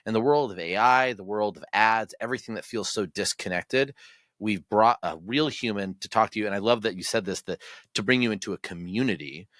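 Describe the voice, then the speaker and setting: A man hosting a podcast interview, talking in an enthusiastic, casual way with quick bursts of agreement. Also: on the low side, fairly bright tone, no room sound, clean studio sound. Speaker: podcast host.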